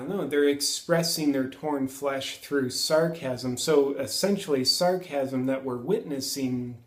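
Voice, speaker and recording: A man in his thirties hosting a reflective self-help monologue, earnest and musing, pausing and correcting himself as he thinks aloud. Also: medium pitch, reverberant. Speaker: self-help video host.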